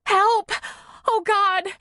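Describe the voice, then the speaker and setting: A woman narrator voicing a shaken young woman who works an orchard, her lines high and trembling in an audiobook. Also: a little slow, fairly bright tone, no echo, studio quality. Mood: panicked. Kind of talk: audiobook character voice.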